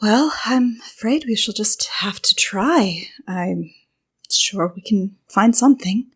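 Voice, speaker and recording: A woman playing a composed, formal adventurer who speaks in a clipped, mock-polite way, with a gravelly, husky voice. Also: mid-range voice, slow pace.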